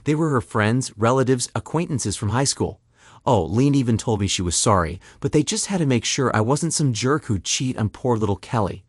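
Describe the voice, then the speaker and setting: A man narrates a first-person story in a bitter, indignant tone. His voice is husky and swings widely in pitch. The recording is dry and close, with no room sound. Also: lively intonation, fairly quick, dry recording.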